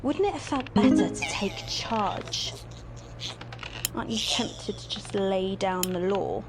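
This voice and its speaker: A woman's voice: mid-range voice, expressive, slow, over music. An actress playing a sly, mocking female TV host who tempts the player toward bad choices, in a video game. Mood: taunting. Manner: teasing, mocking, purring. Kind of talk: video game live-action acting.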